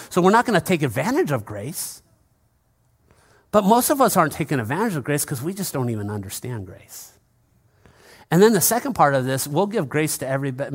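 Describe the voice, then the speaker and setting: Conversational male pastor preaching in church. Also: a little high. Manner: conversational, calls out to the congregation. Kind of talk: sermon.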